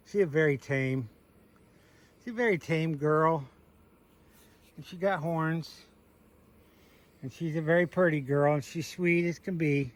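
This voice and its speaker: A man's voice: on the high side, measured pace, long pauses. A man walking around his small farm outdoors, chatting casually and talking sweetly to his goats. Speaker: homesteader showing his animals. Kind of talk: casual farm walkthrough vlog.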